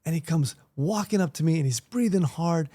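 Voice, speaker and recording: A man's voice: on the high side, normal speed, dark tone. A man in his fifties from Florida, telling stories to camera in a chatty, joking way. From Miami, Florida, USA. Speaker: martial arts teacher and vlogger. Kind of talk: casual storytelling to camera.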